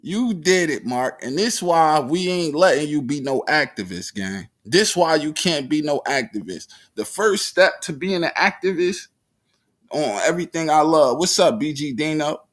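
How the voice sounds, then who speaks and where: A man's voice: on the high side, expressive, moderate pace. A man hosting a live reaction stream, talking emphatically and repeating himself to his viewers. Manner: emphatic, repeats himself, calls listeners "gang"; heated and accusing at times.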